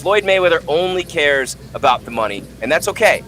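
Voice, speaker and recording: Bright-voiced man hosting sports talk. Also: a little high, fairly quick, soft background music. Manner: animated, opinionated, tells anecdotes. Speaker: host. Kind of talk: casual combat sports commentary.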